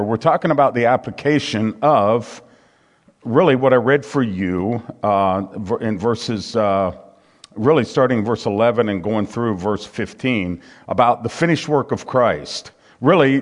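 A male pastor leading an evening Bible study and prayer, speaking in a measured preaching manner with frequent pauses. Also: medium pitch.

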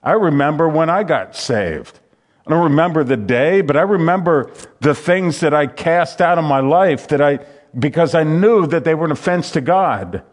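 A man's voice: fairly high pitch, expressive, normal speed. A man preaching a sermon, reading scripture aloud and commenting on it with frequent restarts.

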